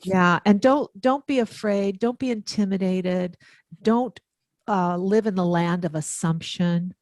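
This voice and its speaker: A woman author, a guest on an interview, telling stories with lively enthusiasm and acting out the dialogue. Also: medium pitch, measured pace, background noise. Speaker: author and letter writer, guest. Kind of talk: interview storytelling.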